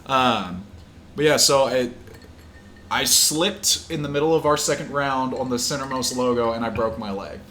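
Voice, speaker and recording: Swearing frequently and laughing easily, a young pro fighter chats loosely while hosting his casual podcast. He has a bright, mid-range voice at a moderate pace, with a little hiss or hum and an echoey room with faint ambience.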